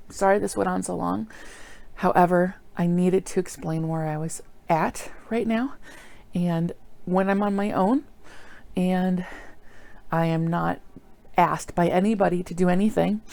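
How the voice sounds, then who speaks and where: A woman's voice: fairly low pitch, creaky, a little mellow, no echo. A middle-aged woman talking earnestly and apologetically in a rambling personal video diary, full of fillers. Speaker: vlogger.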